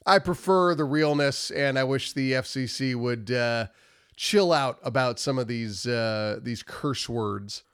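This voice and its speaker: A hockey commentary host delivers post-game analysis in a clear, resonant, slightly bright voice at a medium pitch and an unhurried pace. His voice sounds nasal from a cold, and he is emphatic and repetitive, stumbling over his words.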